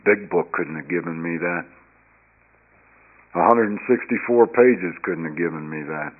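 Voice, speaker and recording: A man's voice: low voice, a little slow. Earnest man telling his recovery story. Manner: earnest storytelling that swings between hushed and loud, emphatic passages. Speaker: speaker sharing his recovery story at a recovery meeting. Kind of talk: personal testimony talk. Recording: dull lo-fi recording.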